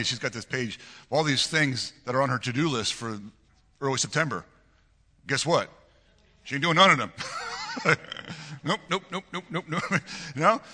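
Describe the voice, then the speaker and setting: A pastor with a slight lilt preaches to his congregation, his brightly ringing voice swinging widely in pitch. He keeps it animated and chatty, chuckling and doubling back on words. The sound carries a long church-hall echo. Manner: animated, conversational preaching with frequent laughter and repeated words. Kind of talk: sermon. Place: church sanctuary.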